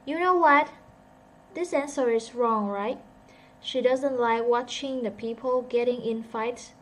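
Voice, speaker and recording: A woman's voice: fairly high pitch, a little slow. Chatty, self-joking English teacher, a woman. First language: Vietnamese. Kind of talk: casual online lesson.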